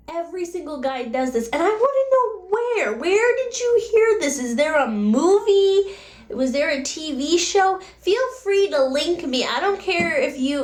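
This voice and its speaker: High-voiced woman vlogger, roomy sound. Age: 20s. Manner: exasperated, asks rhetorical questions. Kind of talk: casual vlog rant.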